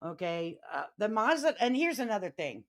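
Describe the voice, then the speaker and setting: A middle-aged woman with a Chicago accent hosts a casual live stream, talking in a brash, profane way and getting riled up and loud. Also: medium pitch, very animated, normal speed.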